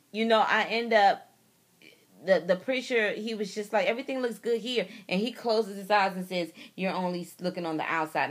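A woman vlogger telling a personal story to the camera, emotional and animated, talking straight to her viewers and repeating herself for emphasis. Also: medium pitch. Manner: emotional, animated retelling, addresses viewers directly.

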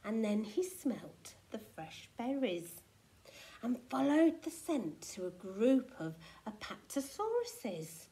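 Animated woman reading a storybook. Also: on the high side, takes it slowly. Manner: animated, expressive, with hushed asides. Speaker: teacher. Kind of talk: reading a picture book aloud to children.

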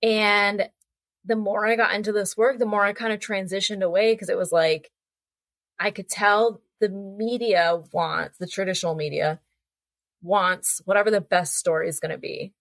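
A young woman guest on a podcast, telling animated, chatty anecdotes and acting out voices as she goes. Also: medium pitch, moderate pace, no room sound. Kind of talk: casual storytelling conversation.

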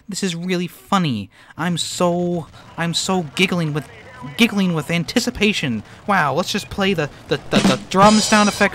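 A male gaming streamer with a fairly high, lively voice that swings widely in pitch. He talks sarcastically through his play, swears freely, and bursts into frustrated yells when things go wrong. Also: a little hiss or hum. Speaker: streamer playing a video game. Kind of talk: let's play gaming commentary.

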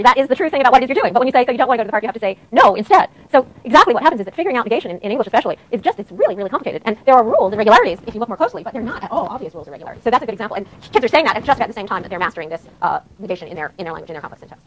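A woman giving a university lecture, explaining quickly with lots of "um" and "uh". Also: a little high, rough recording. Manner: fast, animated explaining with frequent fillers. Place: lecture hall.

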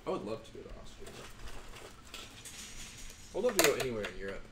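A man's voice: lowish voice, very animated, fast talker, distant mic, very noisy. Joking young man, off-mic in echoey room. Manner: joking, teasing banter. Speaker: stream co-host. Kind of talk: casual livestream chat while building.

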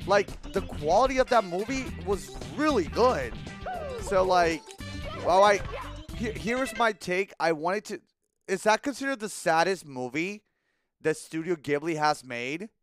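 A man's voice: high voice, expressive, a little slow, faint music behind. A man in his thirties chatting casually on a livestream while gaming, rambling, swearing often and breaking into laughter. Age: 30s. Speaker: streamer.

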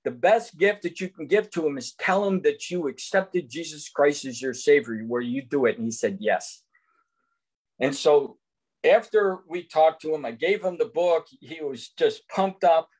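A man's voice: on the high side, unhurried, slightly rough. An older man on a video call telling an earnest faith testimony, recounting conversations in quotes. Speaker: guest giving testimony. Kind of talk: testimony storytelling.

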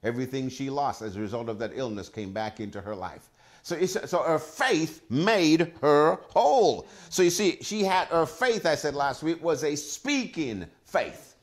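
A man's voice: a little high, moderate pace. Emphatic preaching man. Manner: emphatic, repetitive, animated preaching with Scripture references. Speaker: pastor. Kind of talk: sermon.

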